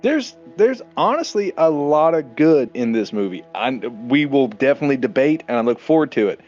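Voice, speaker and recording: A man's voice: medium pitch, sing-song, moderate pace, darkish tone, lo-fi sound, faint music behind. A man co-hosting a casual movie podcast, enthusiastic, swearing freely and acting out scenes. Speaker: podcast co-host. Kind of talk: casual movie review chat.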